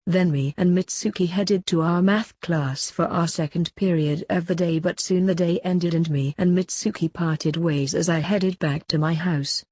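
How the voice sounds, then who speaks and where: A woman narrating a first-person story in a plain, even reading. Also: lowish voice, normal speed, hardly any pauses, dry recording. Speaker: audiobook reader.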